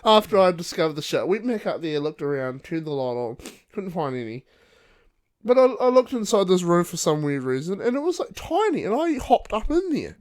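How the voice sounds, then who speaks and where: Young man, New Zealand accent, lively up-and-down voice, swearing, animated storyteller, podcast chat. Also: high voice, brisk. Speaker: podcast co-host. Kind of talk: casual chat.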